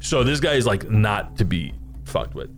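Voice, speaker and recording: A man running a tabletop game as dungeon master, narrating vividly with sudden shouted outbursts. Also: lowish voice, big pitch swings, normal speed, creaky, faint music behind.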